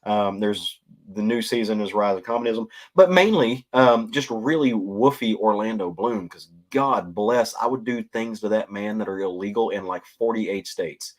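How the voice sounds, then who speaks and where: Low-voiced man rambling through a show pitch. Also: moderate pace. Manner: rambling, many ums and uhs. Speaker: podcast co-host. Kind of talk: casual chat.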